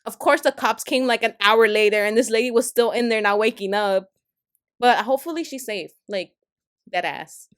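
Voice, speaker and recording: A young woman co-hosting a podcast, telling a story in casual chat, animated and laughing often. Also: on the high side, normal speed. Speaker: podcast co-host.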